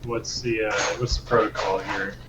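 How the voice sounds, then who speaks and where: A man's voice: lowish voice, fairly even intonation, moderate pace. A man playing a tabletop game, talking in a hesitant, stammering way. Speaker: player. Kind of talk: casual tabletop play. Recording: dull noisy recording.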